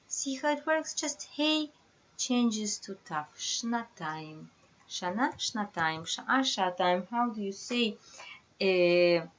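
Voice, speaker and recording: A woman's voice: mid-range voice, lo-fi sound, background noise. A woman teaching a beginners' language lesson, explaining step by step and quizzing her students with questions. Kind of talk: casual online lesson.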